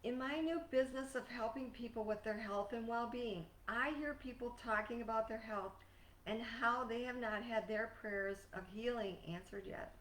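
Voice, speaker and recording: A woman life coach giving a scripted motivational talk in an earnest, measured, emphatic way. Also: fairly high pitch, fairly bright tone, slight background noise. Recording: echoey room, distant mic.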